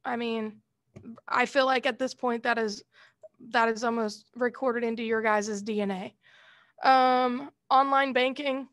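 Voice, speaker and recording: Woman college instructor, high voice, dry close sound, chatty and heated when telling a story. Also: fairly even intonation, unhurried, fairly bright tone, dry recording. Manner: casual, heated storytelling with mild slang. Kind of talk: classroom lecture with a personal anecdote.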